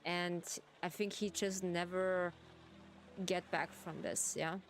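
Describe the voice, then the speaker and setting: A woman's voice: lowish voice, little pitch movement, slow pace, faint music behind. A woman streamer with German as her first language, reading game text aloud and chatting while she plays, giggling and restarting words. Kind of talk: live game playthrough commentary.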